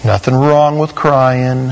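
On a low-quality recording, a male pastor preaches an expository sermon in a mid-range voice, slow and with fairly even intonation. He's conversational yet emphatic, often dropping in "you know."

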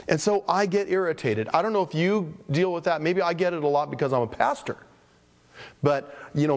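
A man's voice: a little high, in a large hall. A man preaching as a pastor, telling stories conversationally and acting out the voices of the people in them. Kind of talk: sermon.

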